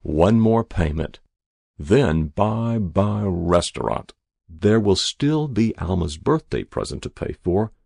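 A man narrating a first-person story in a measured, wry reading. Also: low voice, very animated, creaky, a little mellow, breathy edge, no room sound, studio quality. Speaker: audiobook narrator.

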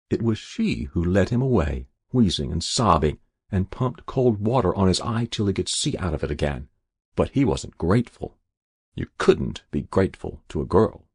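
A man reading a story aloud in measured, expressive narration. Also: deep voice, vocal fry, slightly rough, dry recording, studio quality.

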